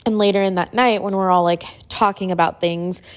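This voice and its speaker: A middle-aged woman hosting a podcast, casually telling a personal story, chatty and full of "like," getting animated when she quotes people. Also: medium pitch, fairly quick. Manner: chatty, filler-heavy, uses "like" often. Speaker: podcast host.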